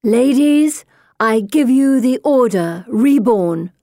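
A woman's voice: a little high, animated, slow pace, warm tone, no room sound, clean studio sound, pitched above the performer's own voice. A woman voicing a bold, imperious young woman who leads her friends with commanding, scornful declarations. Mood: exultant.

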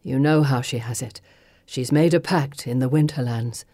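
A woman voicing a cold, steely sorceress in an audiobook, speaking low and measured. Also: mellow, dry recording. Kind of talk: audiobook reading.

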